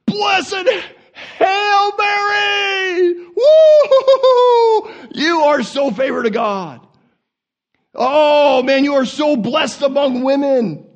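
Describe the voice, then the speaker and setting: A man voicing an overjoyed male angel messenger who shouts and whoops his news. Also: medium pitch, expressive, a little slow, long pauses, muffled recording, voice pushed down. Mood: ecstatic shouting.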